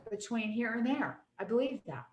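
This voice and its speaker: A woman's voice: a little high, animated, moderate pace, a little mellow, reverberant, highs cut off. A woman guest on a talk show, telling personal stories in an earnest, reflective way. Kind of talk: casual conversation.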